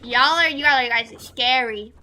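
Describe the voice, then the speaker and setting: A woman's voice: high-pitched, measured pace, pushed and bright, soft background music. A young woman streaming a game, chatting to her viewers in a rambling way with lots of fillers. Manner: rambling, talks to chat with many fillers. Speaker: VTuber streamer. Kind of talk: casual live-stream chat while gaming.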